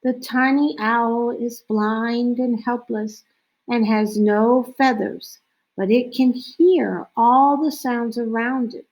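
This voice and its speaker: Slow, clear woman reading aloud. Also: fairly high pitch, steady tone, darkish tone, rough recording. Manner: slow, clear reading with owl-call imitations. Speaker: teacher reading to children. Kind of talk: read-aloud picture book lesson.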